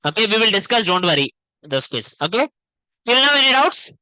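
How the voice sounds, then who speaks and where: A man teaches a web coding class over an online call, his voice sharp and bright. He breaks points into short, repeated phrases and keeps asking whether everyone follows. The sound is dry and close, with almost no room around it. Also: high voice, big pitch swings, brisk, clear, resonant tone, dry recording, rough recording. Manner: explains in short repeated phrases, checks in with "okay?" and "right?".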